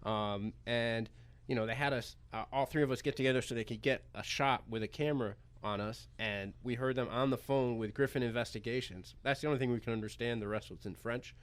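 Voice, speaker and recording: American guy on a radio show telling a long story, animated and chatty, laughs along, mid pitch. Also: fairly quick, clean tone. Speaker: poker pro guest. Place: radio studio.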